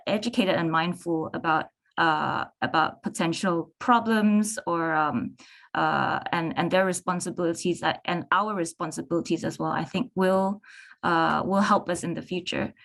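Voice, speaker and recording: A young woman on a discussion panel, answering questions hesitantly with many restarts and fillers. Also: on the low side. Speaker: artist on a panel.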